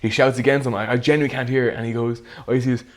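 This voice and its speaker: A man's voice: medium pitch, steady tone, very fast. A young Irish man hosting a podcast, telling stories in an easygoing way with plenty of fillers. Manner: easygoing storyteller, many fillers. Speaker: podcast host. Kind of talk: casual chat.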